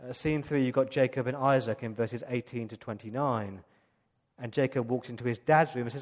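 A man's voice: mid-range voice, brisk. Man preaching in a reverberant church. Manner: lively storytelling, acting out scenes. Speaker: pastor. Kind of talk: sermon. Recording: long church-hall reverb.

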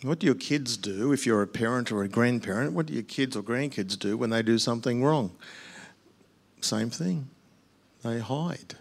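A man's voice: mid-range voice, normal speed, vocal fry. An older man, a pastor answering questions at a church Q&A in a plainspoken way with dry humorous asides.

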